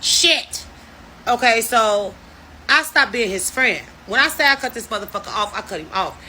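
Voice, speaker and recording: A woman in her fifties telling a story casually, in a blunt, profane and animated way. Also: fairly high pitch, a little fast, a little hiss or hum, low-quality recording. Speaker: storyteller vlogger.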